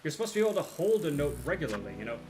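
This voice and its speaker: A baritone man chatting casually and a little self-deprecatingly while livestreaming a game. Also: big pitch swings, very fast, music in the background. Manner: rambling, self-deprecating, playful. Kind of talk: casual chat while gaming.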